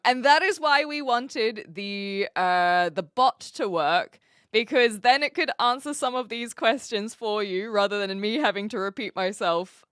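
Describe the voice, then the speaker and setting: A woman's voice: a little high, pushed and bright, smooth, dry recording, studio quality. Chatty woman with a mixed accent. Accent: mixed New Zealand, Australian and American. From New Zealand. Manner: chatty and giggly, many fillers and restarts. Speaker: live streamer. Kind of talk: casual chat.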